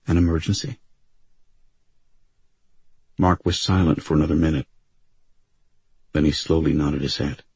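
A man narrating an audiobook in an even, unhurried storytelling manner. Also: extremely low pitch, creaky, husky, no echo. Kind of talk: scripted narration. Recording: dry close studio sound.

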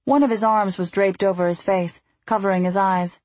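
A woman giving first-person audiobook narration in an even storytelling manner. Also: medium pitch, moderate pace, dry recording.

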